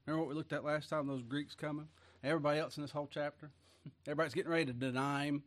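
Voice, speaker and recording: A man preaching a sermon. He reads scripture slowly and with weight, swings between loud emphasis and quiet asides, and chuckles often. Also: on the high side, steady tone.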